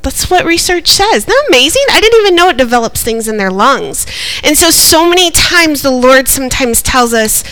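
A woman preaches a sermon, her voice bright and sitting a little high. She is animated and laughs often. She keeps asking the congregation to answer her back. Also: normal speed, poor audio. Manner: animated, laughing often, calls for audience responses.

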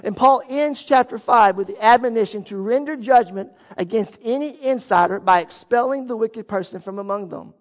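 His voice sits high and moves at normal speed with few pauses as he preaches a sermon. The pastor explains a Bible passage with earnest emphasis and rhetorical questions, recorded in an echoey hall with dull, lo-fi audio.

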